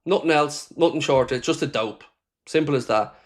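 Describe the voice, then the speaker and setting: Irish guy on a live fan stream, fired up and swearing, voice sits a bit high. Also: normal speed. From Ireland. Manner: angry, ranting, swearing; reads viewer chat comments aloud. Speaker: fan channel host. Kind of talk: live match reaction stream.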